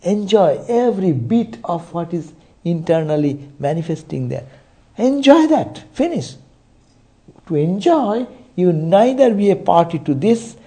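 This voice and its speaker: Warm and creaky, this man's fairly high voice carries a spiritual sermon told through stories. As a teacher, he habitually drops in rhetorical "eh?" remarks to check in with listeners.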